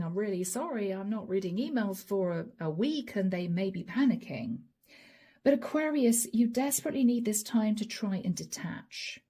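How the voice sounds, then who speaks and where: A woman's voice: a little high, warm tone. A woman giving a casual channeled tarot reading to camera. She talks to the viewer in a chatty, direct way and keeps addressing them by their star sign. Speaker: psychic tarot reader.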